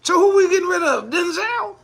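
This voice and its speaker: A man delivering an impassioned commentary monologue, firing off mocking rhetorical questions and often shouting. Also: very high-pitched, expressive, brisk. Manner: mocking rhetorical questions, acts out imagined speakers. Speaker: ministry speaker.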